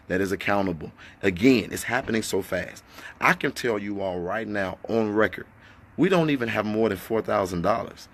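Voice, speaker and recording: A man talking to his followers in an impassioned livestream, firing off rhetorical questions and at times lowering his voice, in an echoey indoor space. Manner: fiery, rhetorical questions, then hushed. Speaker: activist addressing followers.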